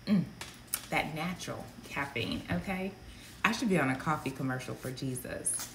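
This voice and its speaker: Woman preacher, low sharp tone, chatty and rambling, echoey room. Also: lively intonation, moderate pace, vocal fry, slight background noise. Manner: chatty, digressive, talks straight to viewers. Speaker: prophetic minister. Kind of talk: casual sermon to online followers.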